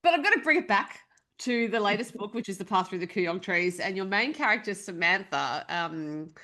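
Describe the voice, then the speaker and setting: A woman hosting a podcast who asks curious, measured interview questions. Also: medium pitch, lively intonation, bright, forceful tone. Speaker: podcast host.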